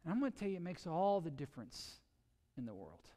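A man preaching a sermon earnestly, with sudden shifts between loud emphasis and quiet, drawn-out words. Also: on the high side, sing-song, in a large hall. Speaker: pastor.

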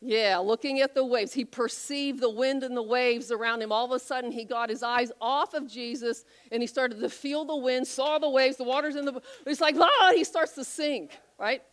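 A woman preaching a sermon, telling a Bible story with animated, acted-out voices. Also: high voice, normal speed, hardly any pauses. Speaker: pastor.

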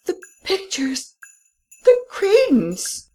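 Woman reader playing a fretful rich baron, voice pushed up high, nervous and panicky; audiobook character. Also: very animated, takes it slowly, a little mellow, faint music behind, exaggerated voice, rough recording. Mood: frantic. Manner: fretful, rising to frantic cries. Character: anxious, panicky wealthy male baron.

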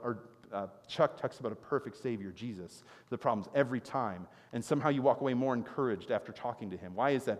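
A male pastor preaching a sermon, moving between loud, emphatic passages and quiet, earnest ones. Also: mid-range voice, big-room sound.

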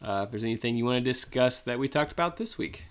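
A man's voice: mid-range voice, lively intonation, fast. A man co-hosting a racing podcast, chatting casually and rambling with plenty of filler. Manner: rambling, lots of uh and I guess. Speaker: podcast co-host. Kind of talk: casual chat.

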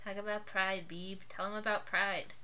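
Casual podcast co-host, female, talkative and giggly, bright tone, light background noise. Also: medium pitch, flat delivery, normal speed. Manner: chatty, laughs often, rambling asides. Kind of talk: casual chat.

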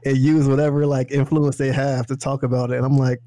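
A young man co-hosting a casual chat, relaxed and easygoing, chuckling as he talks. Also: medium pitch, a little fast, no room sound. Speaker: podcast co-host.

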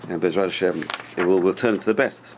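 A man teaching a Torah class, telling stories in an animated way and swinging between loud and hushed delivery. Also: low-pitched, brisk, noisy background. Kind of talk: storytelling sermon.

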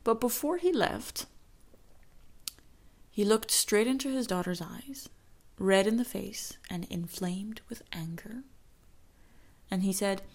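A woman telling a personal story in an intimate way, slowing down and dropping into whispers for emphasis. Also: medium pitch, lively intonation. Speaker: storyteller and teacher. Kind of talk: storytelling narration.

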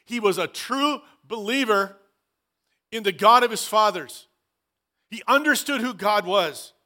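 A man's voice: sits high, expressive, unhurried, bright, forceful tone. A man in his sixties preaching a sermon as pastor, emphatic, repeating key phrases and dropping dry asides. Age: 60s.

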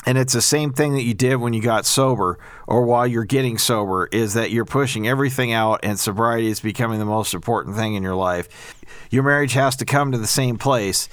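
A man of medium pitch talks in an earnest, preachy way, laying out his points in long explanatory runs. His voice is smooth and resonant. He is recorded close on a dry mic with no room sound. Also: a little fast, no echo. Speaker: podcast co-host. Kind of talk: casual faith-based recovery talk.

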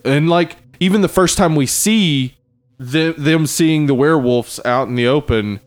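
A man's voice: on the high side, measured pace, dry recording, studio quality. A man co-hosting a casual movie review podcast, joking and swearing freely. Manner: joking, profane, does silly put-on accents. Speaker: podcast co-host.

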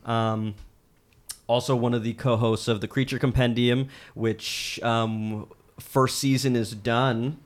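A man's voice: medium pitch, level tone, slow. A young man in his twenties, joking and swearing as a guest on a podcast. He talks in a loose, casual chat. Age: 20s. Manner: wisecracking, swears freely.

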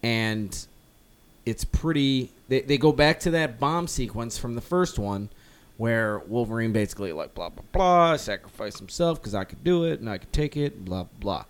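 A man's voice: medium pitch, lively intonation, moderate pace, smooth. A man co-hosting a comic book podcast, talking casually and rambling with many fillers and restarts. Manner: rambling, lots of "like" and restarts, acts out characters loosely. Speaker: podcast co-host.

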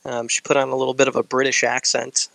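A man with a bright, forceful voice on a casual podcast, walking through film credits with upbeat jokes. The sound is dry and close, with no room around it. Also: medium pitch, completely flat delivery, fast talker, vocal fry, no room sound. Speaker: podcast co-host. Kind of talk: casual chat.

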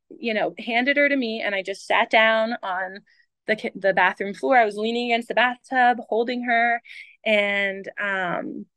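A woman's voice: medium pitch, a bit bright, dry recording. Woman telling a story on a podcast, chatty, says like and um a lot, dry recording. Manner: chatty, full of "like" and "um", acts out quoted dialogue. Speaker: guest, medical doctor. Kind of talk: casual storytelling in a podcast interview.

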